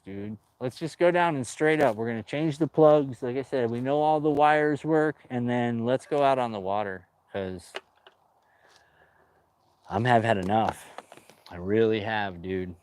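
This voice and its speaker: This boat restoration vlogger has a mid-range, slightly mellow voice and speaks a little slowly. He chats with his viewers while working on his boat outside, rambling, joking and saying dude a lot, with no echo.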